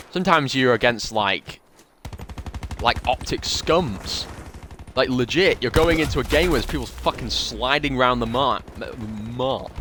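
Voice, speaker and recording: Young man, gaming streamer, chatty, rambling, bright tone. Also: medium pitch, a little hiss or hum. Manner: rambling, chatty, self-deprecating. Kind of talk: casual live-stream commentary while playing.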